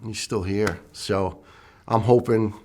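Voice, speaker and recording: A middle-aged man with a slightly low voice speaks in a personal testimony interview. He talks candidly and a little haltingly, repeating words as he restarts sentences. His delivery stays plain and conversational. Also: fairly even intonation, a little mellow, slight background noise. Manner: candid storytelling with repeated words and restarts, acting out what others said. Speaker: first responder recounting illness.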